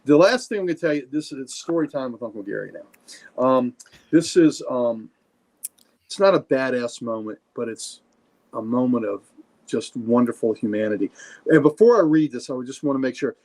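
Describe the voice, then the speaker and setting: A man's voice: mid-range voice, lively intonation, moderate pace, darkish tone. A man co-hosting a comics podcast, chatting casually and telling a story with enthusiasm. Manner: enthusiastic, storytelling, frequent fillers. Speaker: podcast co-host.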